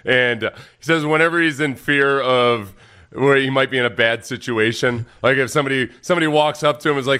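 An American man co-hosting sports radio, telling animated stories and laughing at his own jokes. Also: mid-range voice, a little fast, clean tone. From United States. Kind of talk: casual radio chat. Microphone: studio microphone.

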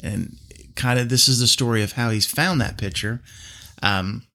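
A man co-hosting a podcast, telling a story in a relaxed way with many filler words. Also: mid-range voice, normal speed. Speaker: podcast co-host. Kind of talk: casual chat.

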